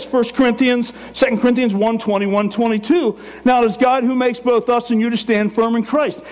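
Older male pastor, high voice, fast emphatic sermon delivery with joking asides.

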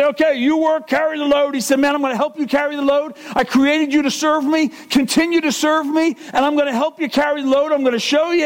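A man preaching a sermon as pastor, animated and jokey, reviewing a verse with quick asides. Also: high-pitched. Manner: animated, jokey, with voiced impressions and laughs.

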